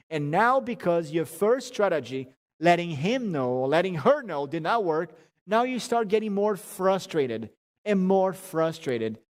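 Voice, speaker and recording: Male seminar speaker, high voice, animated and joking, reverberant hall sound. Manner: animated, humorous, repeats words while restarting. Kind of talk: conversational teaching talk.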